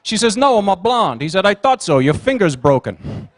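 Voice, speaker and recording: Man, stand-up comic, high voice, rapid-fire one-liners, teases the crowd, banquet hall emcee. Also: very animated. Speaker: comedian and emcee at a gala dinner. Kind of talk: stand-up joke routine.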